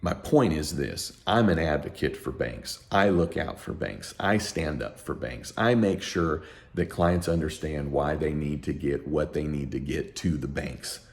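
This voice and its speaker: A middle-aged accountant talking to camera in a heated, emphatic rant, sleep-deprived and worked up. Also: male voice, rumbling low, measured pace, hardly any pauses. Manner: emphatic, ranting, animated. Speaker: accountant and tax educator. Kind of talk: heated unscripted talk to camera.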